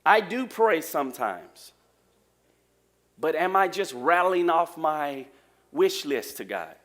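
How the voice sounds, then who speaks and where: A man preaching a lively sermon in a church, joking with the congregation. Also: fairly high pitch, slow pace. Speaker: pastor.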